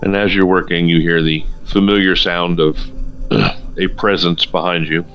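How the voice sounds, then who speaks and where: A man narrating a tabletop game as its game master, in a relaxed and halting way with fillers. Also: low voice, dull audio, soft background music.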